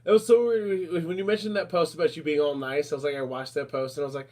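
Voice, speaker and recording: A man hosting a casual talk show, animated and rambling, calling listeners darling and honey. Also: on the high side, fast, few pauses. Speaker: podcast host. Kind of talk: casual chat.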